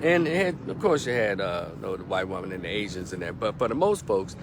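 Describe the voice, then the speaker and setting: A middle-aged man, a movie reviewer in a casual vlog, retelling scenes in a rambling, animated way with plenty of profanity. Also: low voice, fast talker, noisy background.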